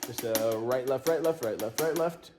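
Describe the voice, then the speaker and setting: A man's voice: medium pitch, moderate pace, music in the background. A man giving a casual drum lesson, counting beats aloud as he explains. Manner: relaxed, counts beats aloud while playing. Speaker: drum teacher. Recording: roomy studio with loud drums.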